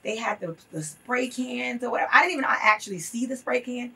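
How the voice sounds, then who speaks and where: Husky-voiced woman telling a story earnestly. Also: a little high, brisk, pushed and bright. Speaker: guest. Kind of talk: interview conversation. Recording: voice from a distance off the mic.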